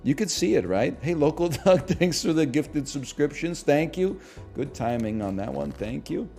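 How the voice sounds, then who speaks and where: A man streaming live and chatting casually, joking and swinging from muttered asides to loud, animated rants. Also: fairly high pitch, normal speed, creaky, soft background music.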